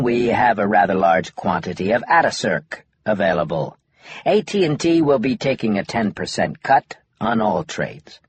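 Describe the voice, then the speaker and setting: A man's voice: medium pitch, husky, no echo, voice pushed up. A man voicing a formal, businesslike male executive in an audiobook.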